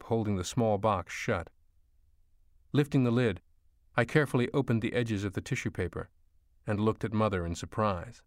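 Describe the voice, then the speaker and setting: A man reading an audiobook aloud in a measured, expressive storytelling voice. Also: on the low side, no room sound, clean studio sound. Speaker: audiobook narrator. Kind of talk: scripted audiobook narration.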